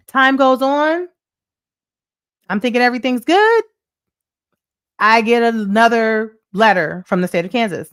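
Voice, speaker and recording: A woman's voice: fairly high pitch, sing-song, normal speed, long pauses. Lady host chatting about money, voice swoops up and down a lot, keeps saying right?. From United States. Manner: chatty storyteller, repeats points, asks "right?" often; reads viewer comments aloud. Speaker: show host. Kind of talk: casual livestream money talk.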